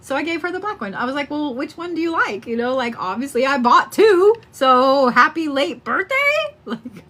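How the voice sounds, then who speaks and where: A woman's voice: high-pitched, lively intonation, moderate pace, fairly bright tone. A middle-aged woman hosting a live stream as a psychic card reader, chatting casually and rambling to viewers with plenty of swearing. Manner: chatty, rambling and freely profane.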